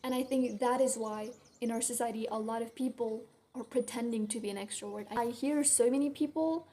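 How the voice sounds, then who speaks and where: A woman's voice: a little high, brisk, mellow. A young adult woman vlogging in a casual venting monologue, blunt and full of swearing and "like" fillers. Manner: blunt, swears a lot, heavy use of "like".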